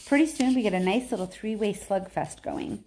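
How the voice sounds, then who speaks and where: A woman's voice: medium pitch, moderate pace, a little mellow, lightly acted. A woman reading aloud, voicing a swaggering male war god who mocks and taunts a kid. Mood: taunting. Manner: sneering, taunting.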